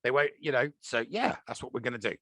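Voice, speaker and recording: A British man co-hosts a podcast, rambling through loose casual chat full of fillers and restarts. His voice is gravelly and bright. It sounds dry and close to the mic. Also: mid-range voice, lively intonation, fast, no room sound. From United Kingdom. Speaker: podcast co-host.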